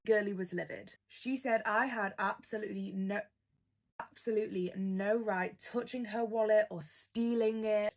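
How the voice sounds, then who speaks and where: A woman's voice: mid-range voice, steady tone, moderate pace. A woman reading a storytime tale aloud, adding wry, sassy asides.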